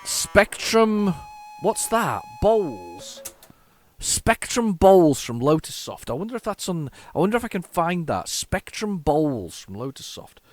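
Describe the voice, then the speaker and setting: A man's voice: on the high side, big pitch swings, moderate pace, few pauses. A man hosting a retro gaming video, chatting casually and rambling through his commentary with many fillers and restarts.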